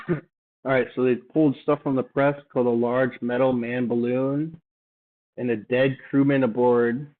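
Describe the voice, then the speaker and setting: A man reading old documents aloud and adding offhand, halting remarks as he thinks aloud. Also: medium pitch, flat delivery. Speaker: channel host. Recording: tinny phone-like sound.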